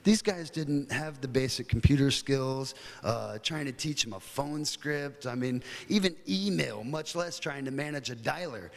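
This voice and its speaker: A man's voice: mid-range voice, animated, unhurried, vocal fry, few pauses, in a large hall. A middle-aged American man giving a casual, chatty conference talk, telling stories with plenty of fillers. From United States. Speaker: guest speaker. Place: hotel conference hall.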